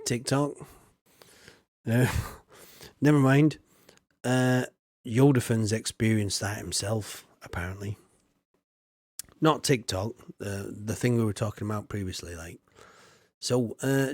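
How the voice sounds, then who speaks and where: A man's voice: medium pitch, a little mellow, dry recording, studio quality. A man, casually commenting while streaming a farming game, chatty and jokey as he reads chat aloud.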